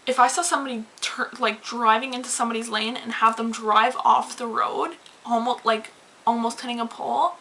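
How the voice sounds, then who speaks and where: Woman vlogger, bright higher voice, animated profane storytime rant, faint hiss. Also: a little fast, rough recording. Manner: animated, swearing, rambling with many "like"s. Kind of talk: casual storytime rant to camera.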